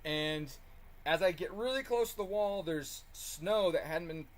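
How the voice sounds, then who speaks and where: Swearing, animated man with a higher voice. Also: measured pace. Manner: animated, swears freely, chuckles as he talks. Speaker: car tuning channel host. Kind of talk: casual storytelling while working on a car.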